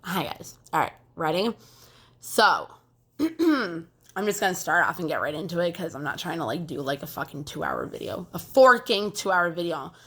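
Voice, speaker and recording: A young woman talks casually into her phone, meandering through fillers and restarts. Her throat sounds phlegmy and she clears it often. The tone is bright and forward. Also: fairly low pitch. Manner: rambling, filler-heavy, frequent throat clearing. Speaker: vlogger. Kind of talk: casual chat to camera.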